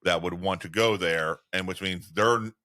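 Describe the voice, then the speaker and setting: Man, podcast co-host, bright voice, rambling, profane casual chat. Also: deep voice, unhurried. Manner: rambling, swears freely, laughs a lot.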